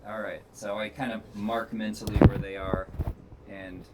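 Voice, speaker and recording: A man's voice: on the low side, level tone, normal speed. A man playing in a tabletop game, hesitant, checking details with questions. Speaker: player. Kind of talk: casual in-character play. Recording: distant mic with loud noise.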